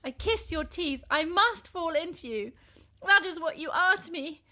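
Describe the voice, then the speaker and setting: A woman's voice: extremely high pitch, lively intonation, normal speed, sharp tone, full character voice. A woman performing a passionate, jealous and desperate woman lover in an intense dramatic reading of a verse epic. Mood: tender, intense. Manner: intense, swings from tender to bitter.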